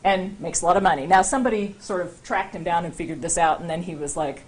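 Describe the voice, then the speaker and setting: A woman's voice: fairly low pitch, fast talker. A woman university lecturer giving a public talk with slides, speaking conversationally and often checking in with her audience with "right?" and "okay?". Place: lecture room before a live audience.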